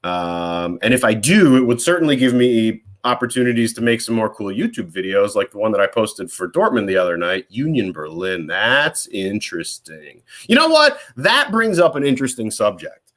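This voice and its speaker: A man's voice: lowish voice, big pitch swings, moderate pace, a bit bright. A man hosting a live question-and-answer stream, chatting casually and rambling, often correcting himself mid-sentence. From United States. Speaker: host answering viewer questions.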